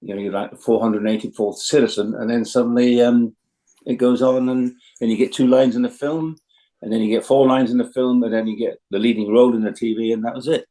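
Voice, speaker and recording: Chatty older English actor. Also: male voice, medium pitch, steady tone, fairly quick, warm tone, low-quality recording. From England, Yorkshire. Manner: chatty anecdotal storyteller. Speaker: actor, guest. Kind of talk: casual interview chat.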